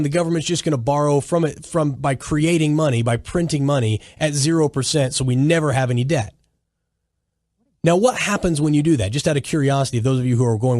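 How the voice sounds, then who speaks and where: A man's voice: a little high, a little fast, a little mellow, no room sound, clean studio sound. A man hosting a solo commentary podcast, talking emphatically in a lecturing way and often restarting his sentences. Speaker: podcast host.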